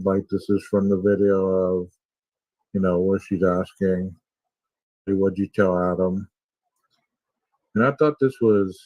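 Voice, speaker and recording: A man's voice: low voice, no room sound, dull audio. A man co-hosting a podcast, musing aloud and asking rhetorical questions in a casual way. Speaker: podcast co-host. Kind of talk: casual commentary.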